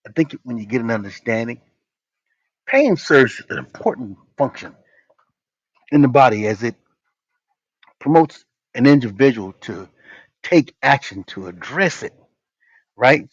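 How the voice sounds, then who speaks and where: Lively, husky man chatting on a livestream. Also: medium pitch, a little slow, pauses often, dry recording. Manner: loose, joking, talks to viewers directly. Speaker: livestream host. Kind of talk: casual rambling livestream chat. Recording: dull, dry lo-fi stream audio.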